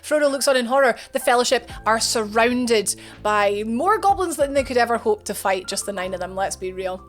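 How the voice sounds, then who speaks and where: A woman streamer retells an epic tale in a bright, high voice, full of slangy asides. She corrects herself as she goes and jumps between suspense and jokes. Quiet music runs underneath. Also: fairly quick. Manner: animated, chatty, slangy asides and self-corrections. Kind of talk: casual dramatic retelling of a story.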